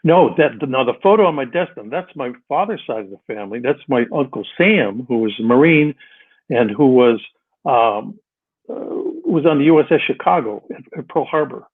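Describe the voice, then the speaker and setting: A man's voice: medium pitch, expressive, normal speed, breathy edge, no room sound. An older man, a guest actor in a casual radio interview, talking in long rambling stretches full of restarts and repeated words. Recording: muffled phone line, dry.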